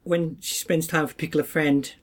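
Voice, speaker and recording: A co-host on a casual film podcast, making dry, deliberate remarks. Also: medium pitch, little pitch movement.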